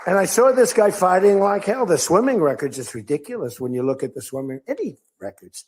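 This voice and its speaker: This political speaker is an older man whose high, husky voice moves briskly with lively intonation. Rambling off-script before a crowd, he tells stories and acts out quotes in different voices.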